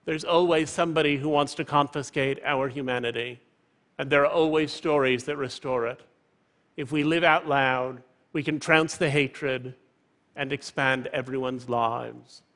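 A man in his fifties giving a prepared public talk from a stage, in a measured, eloquent way. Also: medium pitch, fairly even intonation, a bit bright. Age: 50s. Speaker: public speaker. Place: stage in a large hall. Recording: reverberant large auditorium.

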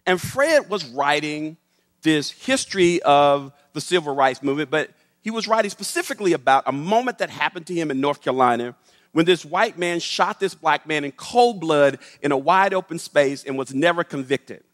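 A man giving a public talk, telling a story with emphatic, animated delivery. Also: a little high, moderate pace. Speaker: speaker. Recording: echoey hall.

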